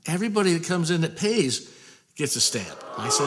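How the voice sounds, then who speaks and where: A man from Portland, Oregon, a metal singer, telling a rambling, animated story in casual talk and acting out the lines of the people in it. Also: fairly high pitch, brisk, over loud music. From Portland, Oregon, USA. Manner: rambling, animated, acts out quoted dialogue.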